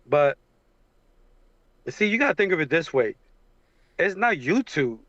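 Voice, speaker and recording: A man on a livestream video call, talking in a halting, emotional way with many fillers. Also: a little high, very animated, a bit bright, dry recording, dull audio. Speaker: guest on a livestream. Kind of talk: casual supportive chat. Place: home with a train passing outside.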